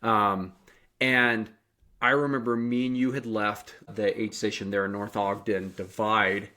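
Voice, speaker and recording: Animated male podcast host. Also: fairly low pitch, measured pace. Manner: animated storytelling, many restarts. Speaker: podcast host and running coach. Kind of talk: casual interview chat.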